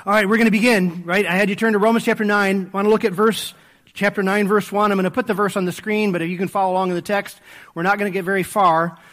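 A male pastor preaching a sermon in a conversational way, with frequent fillers and restarts, and praying in a softer voice. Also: sits high, level tone, quick pace. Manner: conversational preaching with frequent fillers, dropping to a soft hush in prayer.

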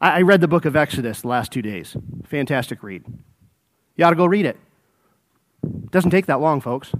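Male preacher, high voice, fervent repeating delivery, addresses folks. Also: animated, normal speed. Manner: exclaims and repeats phrases, addresses listeners as folks. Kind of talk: expository sermon.

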